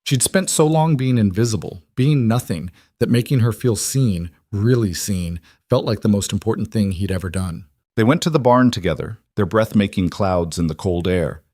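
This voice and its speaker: A man narrating a scripted western story in a steady, measured way. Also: lowish voice, no room sound, studio quality.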